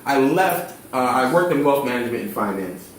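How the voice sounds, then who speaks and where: A man in his twenties from Philadelphia who works with charter school kids, talking casually in an animated, slangy way with acted quotes. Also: mid-range voice, fairly quick, very echoey, recorded from a distance, a little hiss or hum, low-quality recording. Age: 20s. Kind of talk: casual discussion.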